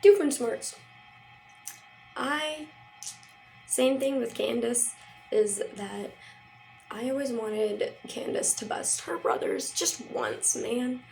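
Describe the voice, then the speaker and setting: A woman's voice: on the high side, takes it slowly, vocal fry, long pauses, a little mellow, faint music behind, rough recording. A young woman vlogging in a casual, rambling way, full of fillers and quoted asides. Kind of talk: casual chat.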